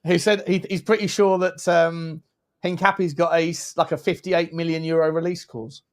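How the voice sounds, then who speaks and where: A man's voice: fairly high pitch, normal speed. A man hosting a casual football watchalong, jokey and playful, chatting through the match. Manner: jokey, animated, puts on silly voices. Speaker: host.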